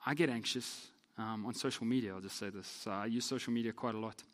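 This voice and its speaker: A man, a pastor telling a story in a sermon in an animated, self-deprecating way. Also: on the low side, quick pace, in a large hall.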